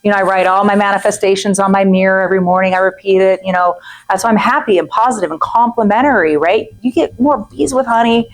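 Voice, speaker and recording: A woman's voice: mid-range voice, fast talker, rough recording. Chatty woman coaching a group. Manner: chatty, animated, acts out quoted people; frequent "right?" and "okay?" asides. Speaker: real estate coach. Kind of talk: masterclass talk to a group.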